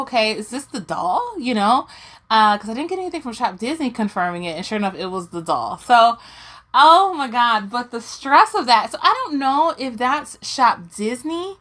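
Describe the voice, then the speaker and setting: A woman's voice: a little high, fairly bright tone. A young woman vlogging about doll collecting, telling a long story in a casual rant and acting out her own confused reactions.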